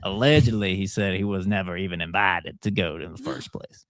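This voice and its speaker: A man, co-hosting a political talk show and telling a rumor story in an animated way. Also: sits low, fairly quick, dry recording, studio quality. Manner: animated storytelling, laughs often. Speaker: co-host.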